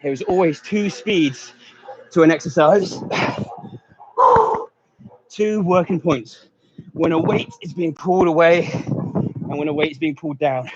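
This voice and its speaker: Unhurried and on the high side, with long pauses, a male coach runs a live workout while catching his breath, counting down and urging people on amid short laughs. A slight hiss or hum sits under dull, lo-fi stream audio.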